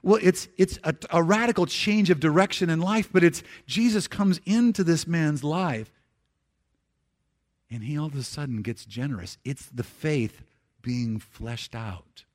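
A man giving a conversational sermon in church, slowing for scripture and dropping soft for emphasis, with frequent restarts. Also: a little high. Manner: repeats words and restarts phrases. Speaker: pastor.

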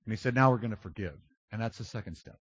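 Loud animated male preacher, dull dry sound. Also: rapid-fire, dry recording. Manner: animated, swings from loud outbursts to low confiding tones; self-described loud and obnoxious. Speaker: pastor. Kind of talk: sermon.

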